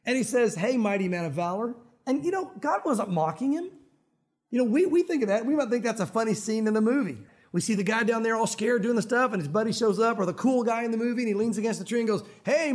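A man delivers a sermon in a casual, conversational way. His voice sits high for a man, and he slips into acted quotes and swings between soft, slow emphasis and bright, lifted lines. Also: expressive. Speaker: pastor.

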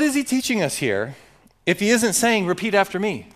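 A man's voice: high voice, very animated, moderate pace, a bit bright. A man preaching a sermon as pastor, emphatic and joking with his congregation.

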